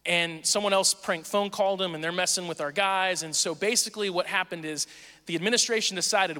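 Storyteller, man in his forties, animated delivery that acts out other voices, fairly high voice, in a reverberant hall. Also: a little fast. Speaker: speaker telling a personal story. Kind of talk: casual storytelling monologue.

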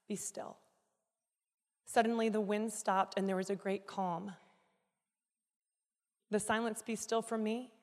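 A woman giving a sermon, telling a personal story with dramatic, emotional swings between quiet reflection and loud pleading. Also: mid-range voice. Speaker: guest speaker. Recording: reverberant hall.

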